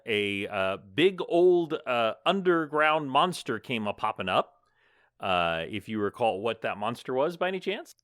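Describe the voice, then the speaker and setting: A man's voice: mid-range voice, expressive, fairly bright tone, clean tone, no echo, studio quality. A man hosting a tabletop game podcast as game master, playful and full of fillers as he narrates. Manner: playful, drawn-out sing-song intro, halting with fillers.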